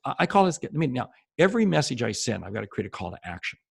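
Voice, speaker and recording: Male sales coach, husky gravelly voice, emphatic and repetitive, talking straight to camera, dry recording. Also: medium pitch, very animated, racing, dry recording. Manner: emphatic, repeats key phrases for stress; speaks directly to the viewer. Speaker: sales trainer. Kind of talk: motivational coaching talk to camera.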